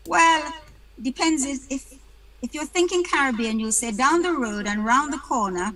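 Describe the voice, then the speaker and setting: Female webinar host from the UK, chatty and welcoming on a video call, bright tone. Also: sits high, measured pace, soft background music, rough recording. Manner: chatty, greets attendees by name, self-deprecating jokes.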